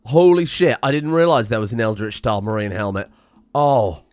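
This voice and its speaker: A man giving excitable, self-mocking commentary while playing a game, thinking aloud and swearing. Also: mid-range voice, moderate pace, no echo, soft background music. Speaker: gaming streamer. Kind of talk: casual gameplay commentary.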